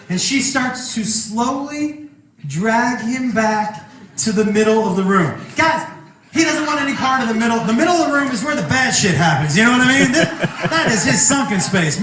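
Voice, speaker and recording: A man performing a stand-up comedy set on stage, telling a loud, animated story and shouting punchlines. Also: very high-pitched. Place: stage before a live audience. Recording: echoey venue recording from a distance, noisy.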